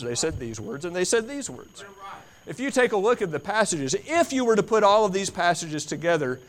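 Emphatic man preaching a sermon. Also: medium pitch. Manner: emphatic, repeating phrases for stress; builds from quiet to loud, dramatic.

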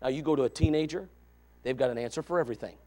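A man's voice: mid-range voice, racing, mellow. A middle-aged man preaching a sermon, emphatic and impassioned, with joking asides.

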